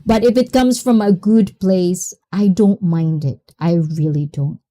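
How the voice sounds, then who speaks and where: Her lowish, mellow voice moves at a measured pace as she runs a casual livestream, reading comments aloud, welcoming viewers by name and gushing with exclamations.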